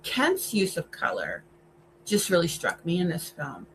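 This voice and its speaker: Low-voiced woman talking horror films. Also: huge pitch swings, a little slow, a little hiss or hum, poor audio. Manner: enthusiastic, emphatic, shifts between loud and hushed. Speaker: horror film vlogger. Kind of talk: casual film commentary.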